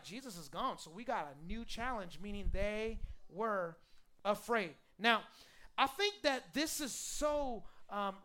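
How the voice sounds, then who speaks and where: A pastor delivers a lively sermon in a high, ringing voice. The tone is bright and forceful, and phrases often restart with repeated words. The pastor keeps calling on the congregation to answer back. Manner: animated preaching with call-and-response and repeated stammered starts. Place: church service before a congregation.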